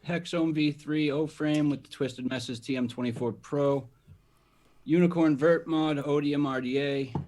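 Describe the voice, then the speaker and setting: Man, medium voice, flat matter-of-fact delivery, lists things off. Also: on the high side, unhurried. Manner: rattles off gear lists matter-of-factly. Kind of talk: casual live stream chat.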